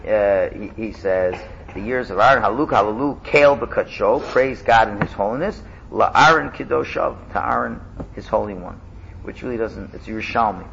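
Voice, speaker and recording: A man teaching a casual class, lively and animated, chanting loudly when he demonstrates. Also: on the low side, normal speed, vocal fry, dull audio, slight background noise.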